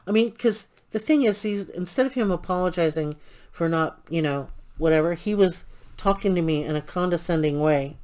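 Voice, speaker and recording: A woman with a low-pitched voice chats casually at her craft table. She tells an annoyed story with animated emphasis and breaks off now and then to handle her materials. Paper crinkles faintly behind her. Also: moderate pace. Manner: animated, indignant retelling of a complaint. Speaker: crafting channel host.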